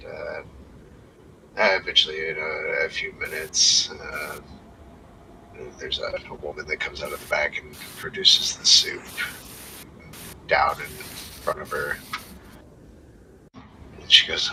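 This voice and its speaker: A man's voice: very deep voice, flat delivery, slow pace, gravelly, long pauses, pushed and bright. A man narrating a tabletop game as game master, in a casual and meandering way. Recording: distant mic, faint background noise.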